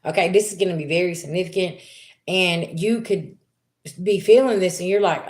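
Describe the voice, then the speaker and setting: A woman gives a live-streamed tarot reading, chatting loosely and directly to her viewers. Her voice is on the low side and darkish, at a moderate pace. The recording has a roomy echo and faint background noise.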